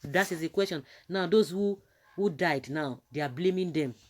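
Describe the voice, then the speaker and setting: A woman's voice: fairly low pitch, moderate pace, darkish tone. A Nigerian woman giving an opinion commentary to her viewers, indignant and asking one rhetorical question after another. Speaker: political commentator.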